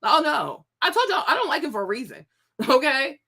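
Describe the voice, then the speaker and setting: A woman in her thirties hosting a commentary show, talking casually to viewers, animated and repetitive, often laughing. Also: high voice, brisk.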